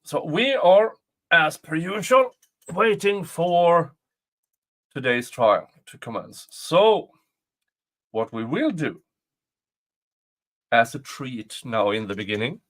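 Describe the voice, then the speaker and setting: A man's voice: a little high, sing-song, slow pace, long pauses, fairly bright tone. A man hosting a casual livestream, reading aloud and chuckling often at his own jokes. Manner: chuckles often, jokey asides. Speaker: livestream host commenting on a trial. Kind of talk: casual live commentary.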